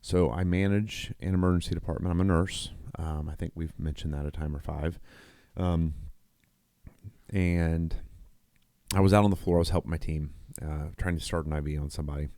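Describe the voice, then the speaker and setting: A man's voice: low-pitched, steady tone, moderate pace, dark tone, no room sound, clean studio sound. A middle-aged man, a nurse who co-hosts a podcast, telling a long story in casual chat, rambling with restarts and quoted dialogue. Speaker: podcast co-host.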